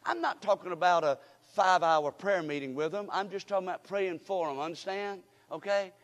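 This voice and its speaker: An older man delivers a folksy, emphatic sermon with a notably high voice. He keeps calling on the congregation to repeat after him. The room rings with a long church-hall reverb. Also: brisk. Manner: call-and-response, folksy and emphatic. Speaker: guest preacher.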